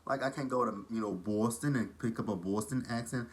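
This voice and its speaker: A man's voice: mid-range voice, a little fast. A man from Texas with a southern drawl, gossiping casually as he recaps a reality show. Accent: Texan. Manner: chatty, gossipy, shady asides.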